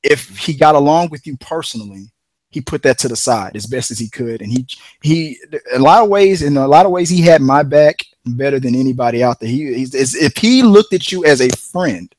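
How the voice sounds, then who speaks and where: A man's voice: medium pitch, expressive, a little fast, a little mellow, no echo. A man co-hosting a casual podcast chat, telling a long rambling story with frequent restarts. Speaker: podcast co-host.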